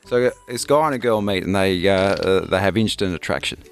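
A man's voice: sits low, a little fast, clear, resonant tone, faint music behind. A man with an Australian accent hosting a morning radio show, chatting casually and telling jokes. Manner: laughs easily while telling a long joke. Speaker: radio breakfast host.

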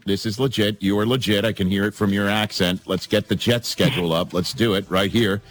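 A man hosting sports talk radio, running brisk, playful banter with callers as he walks through a schedule. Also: lowish voice, fairly even intonation. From New York area. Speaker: radio host.

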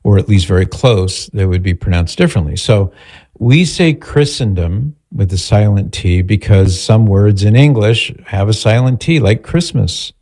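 A man's voice: on the low side, lively intonation, moderate pace, mellow. A male radio host leading a prayer and chatting casually with listeners on a call-in show. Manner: chatty, playful, leads prayer. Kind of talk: live call-in radio talk.

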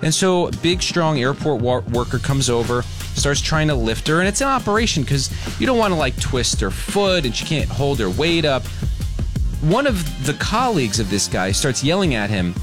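Animated male radio host. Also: fairly high pitch, normal speed, over music. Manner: animated, expressive storyteller. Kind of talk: storytelling on radio. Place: radio studio. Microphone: studio microphone.

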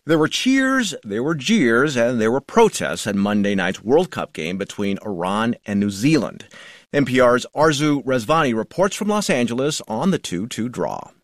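A man's voice: mid-range voice, big pitch swings, normal speed, no echo, studio quality. A man hosting radio news with a polished, scripted delivery.

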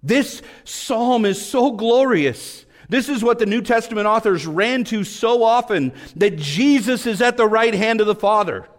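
A man's voice: expressive, a little slow, few pauses. Fervent male preacher in a reverberant hall. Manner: fervent preaching, swinging from high emphatic peaks to low hushed passages. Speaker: pastor. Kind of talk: sermon.

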